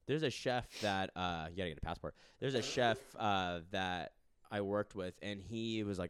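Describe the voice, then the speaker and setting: Young man, low-pitched and smooth, chatty and rambling. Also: moderate pace. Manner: rambling, lots of "like" fillers. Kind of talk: casual chat.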